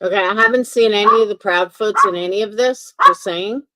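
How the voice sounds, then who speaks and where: A woman's voice: medium pitch, a little fast, pushed and bright. A woman hosting a commentary stream, giving emphatic, opinionated reactions in a casual way. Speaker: commentary channel host.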